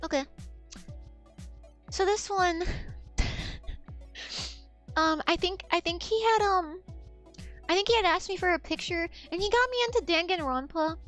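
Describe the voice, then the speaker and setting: A woman's voice: very high voice, unhurried, long pauses, a bit bright, soft background music. A young adult woman streamer telling a story in a casual, rambling way, giggling often and restarting her sentences.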